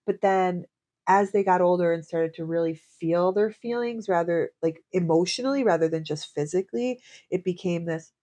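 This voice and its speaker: Podcast co-host, woman, thirties, candid and casual, low-pitched voice. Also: normal speed, mellow. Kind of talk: casual chat.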